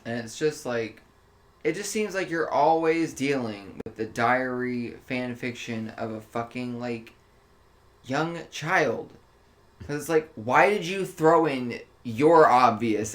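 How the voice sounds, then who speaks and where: A man reads a novel aloud for a podcast in a steady, even voice. Between passages he chats with his co-host, his remarks coming out quickly and offhand. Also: mid-range voice. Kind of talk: reading a novel aloud, then casual chat.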